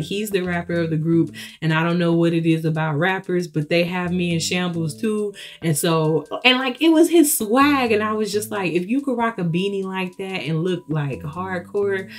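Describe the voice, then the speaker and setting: A young adult woman telling a casual storytime vlog, animated and gushing, breaking into giggles. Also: medium pitch. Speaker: vlogger.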